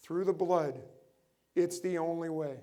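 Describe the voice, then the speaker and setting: A middle-aged pastor with a fairly high voice delivers an animated sermon at a measured pace, firing rhetorical questions at his listeners throughout.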